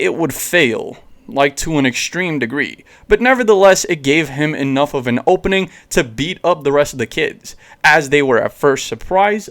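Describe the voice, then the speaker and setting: A man narrating a fan-fiction what-if story, with lively storytelling and sudden high emphases. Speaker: storyteller, channel host.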